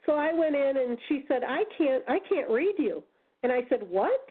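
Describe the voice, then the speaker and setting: A high-pitched woman tells her stories over a tinny phone line. She talks casually and with animation, slipping into the voices of the people she is quoting. She is from the United States. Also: moderate pace. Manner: animated storyteller, acts out quoted voices. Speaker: guest. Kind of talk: casual storytelling on a call-in radio show.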